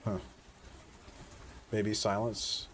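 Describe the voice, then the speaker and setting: A man's voice: fairly low pitch, flat delivery, fairly bright tone. A man in his forties, talking outdoors in a rambling, reflective, casual way and swearing now and then. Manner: musing, unhurried, casual with swearing. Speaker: vlogger. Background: faint wind noise.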